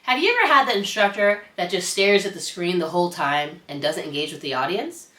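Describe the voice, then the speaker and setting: An upbeat woman instructor talks straight to the viewer, her pitch swinging widely. Her voice is bright and forward. The recording has a roomy echo. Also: brisk. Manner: upbeat, animated, addresses viewer directly. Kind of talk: instructional presentation.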